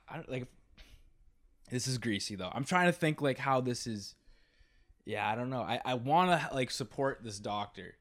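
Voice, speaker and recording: A man's voice: medium pitch, normal speed. A young man co-hosting a casual comedy podcast, reading out stories and riffing. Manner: lively, bright, runs the story segments. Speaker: podcast co-host.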